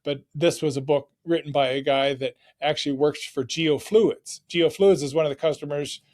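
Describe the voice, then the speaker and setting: A middle-aged man, a podcast guest, telling stories from his working life in a casual, excited and energetic way. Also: fairly high pitch, moderate pace. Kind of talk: casual storytelling.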